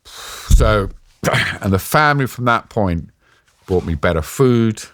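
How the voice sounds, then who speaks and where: A British man, an interview guest, telling a personal story in a halting, emotional way, sometimes choked up. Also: on the low side, lively intonation, a bit bright, no echo. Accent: British English. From Britain. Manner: halting, emotional retelling with restarts. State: choked up at times.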